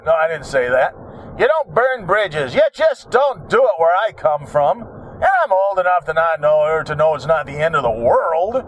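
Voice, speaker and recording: A man's voice: fairly high pitch, expressive, normal speed, slight background noise. A man in his sixties telling his own story in a rambling monologue, profane, wry and self-mocking.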